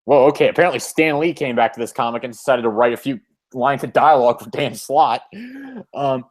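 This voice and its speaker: A man's voice: mid-range voice, fairly even intonation, a little fast. Man recapping a comic, casual. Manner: recaps the plot and reads the dialogue aloud. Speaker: podcast host. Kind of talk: casual comic review chat.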